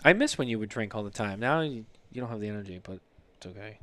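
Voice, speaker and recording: A man's voice: lowish voice, lively intonation, fast talker, a bit bright. A man in his thirties hosting a casual podcast, telling rambling stories and swearing freely. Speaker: podcast host. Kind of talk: casual chat.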